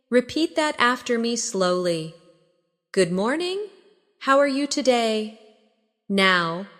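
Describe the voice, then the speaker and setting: A woman narrates a scripted English lesson at a slow, unhurried pace. Her delivery is patient and encouraging, and she models phrases for the listener to repeat. A long reverb trails after her voice. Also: fairly high pitch, expressive. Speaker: English teacher.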